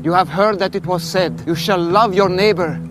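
An actor playing Jesus as a calm, gentle preacher with a put-on Middle Eastern accent, in a screen drama. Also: male voice, high-pitched, close to an everyday voice. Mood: solemn. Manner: measured sermon-like delivery. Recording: loud guitar score underneath.

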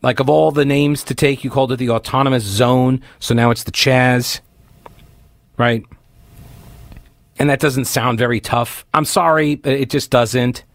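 A man's voice: mid-range voice, steady tone, measured pace, dry recording. A man hosting a talk radio show, delivering an opinionated monologue full of sarcastic, mocking asides.

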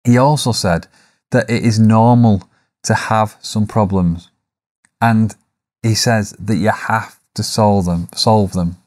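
Speaking slowly in a lowish, steady, darkish voice, a podcast host delivers a solo business monologue. His tone is reflective and coaching, with rhetorical questions and now and then a self-deprecating remark.

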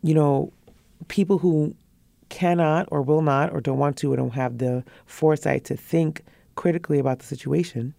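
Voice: mid-range voice, steady tone, normal speed, creaky, warm tone, no echo, clean studio sound. A podcast co-host discussing news in a thoughtful way, sometimes searching for words.

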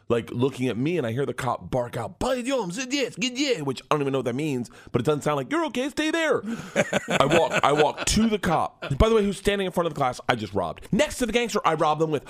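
Comedian guest, man, radio studio; big storyteller with a lively, swinging voice who laughs loud and does everyone's lines. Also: medium pitch. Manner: loud, laughing, acts out voices in his stories. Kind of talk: animated storytelling.

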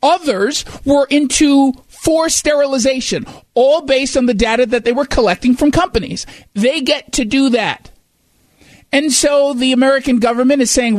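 A man's voice: extremely high pitch, normal speed, no echo. A man hosting a talk show, giving opinionated commentary in a sarcastic, mocking manner.

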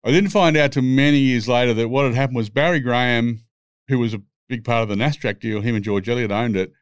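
A man's voice: medium pitch, quick pace, clear, resonant tone, no room sound, clean studio sound. A man, telling rambling, swear-filled stories as a podcast guest. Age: 60s. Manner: profane, rambling anecdotes. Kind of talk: casual storytelling.

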